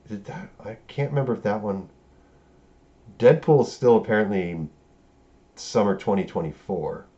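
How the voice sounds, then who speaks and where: A man's voice: fairly low pitch, mellow, lo-fi sound. A man giving a rambling, profane, casual film review, acting out the characters' lines as he goes.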